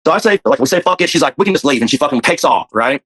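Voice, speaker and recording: A man's voice: a little high, animated, racing, fairly bright tone, breathy edge. A man telling his story in casual, rambling talk, profane and full of fillers.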